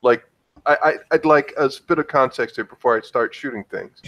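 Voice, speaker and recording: A man's voice: medium pitch, a little fast, fairly bright tone. A man playing in a tabletop game, describing his character with many hesitations. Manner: hesitant, joking, filler-heavy. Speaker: player. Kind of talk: casual tabletop play.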